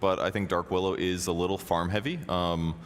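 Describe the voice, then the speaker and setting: Deep-voiced male esports analyst. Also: fairly even intonation, brisk, big-room sound, a little hiss or hum. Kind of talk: analyst desk talk. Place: convention center stage.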